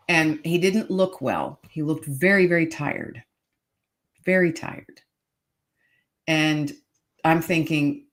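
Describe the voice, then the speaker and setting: Earnest middle-aged woman telling a story. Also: sits low. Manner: earnest, emphatic, repeats key phrases. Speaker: podcast guest, author. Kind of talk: heartfelt storytelling in conversation.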